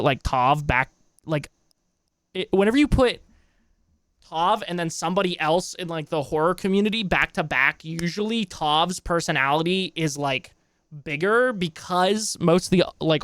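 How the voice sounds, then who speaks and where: A young man chats casually on a live stream, rambling from one thought to the next with plenty of swearing. His voice is a touch high and smooth, and the sound is dry and close. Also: a bit bright, no room sound. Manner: rambling, loose and chatty, swears often. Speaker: streamer reacting to videos.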